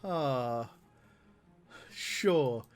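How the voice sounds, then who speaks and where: A man's voice: mid-range voice, animated, very slow. A man streaming a text adventure game, reading the options aloud and laughing often.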